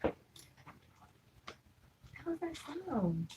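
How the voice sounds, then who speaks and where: A woman vlogger chats to the camera from her home in a fairly high voice. She tells little family stories in a loose, easygoing way, laughing easily as she goes. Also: big pitch swings, very slow, warm tone, slight background noise, rough recording. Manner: chatty, storytelling, laughs easily. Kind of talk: casual chat to camera.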